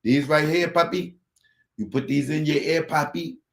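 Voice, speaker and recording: A man putting on a pushy, fast-pitching salesman who mixes English and Spanish and keeps saying "papi.". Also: fairly even intonation, natural voice. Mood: hyped. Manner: high-energy sales pitch, says "papi" and "puppy" over and over. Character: pushy male hype salesman talking Spanglish. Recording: roomy echo.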